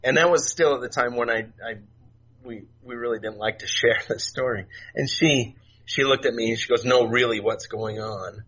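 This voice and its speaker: A middle-aged man telling stories as a podcast guest, soft-spoken and halting, with many fillers and restarts. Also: medium pitch, husky. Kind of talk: casual storytelling interview. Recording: dull lo-fi remote audio, faint noise.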